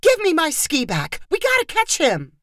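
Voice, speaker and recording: A woman voicing a young female skier who snaps, yells and demands. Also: sits high, sing-song, moderate pace, dry recording, studio quality, pitched above the performer's own voice. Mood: shrieking. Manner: snappy, yelling, demanding.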